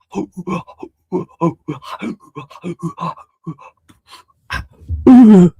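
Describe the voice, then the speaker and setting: A man's voice: high voice, drawn-out words, mellow, husky, poor audio. A man chatting casually on a live stream, rambling, mocking and swearing a lot.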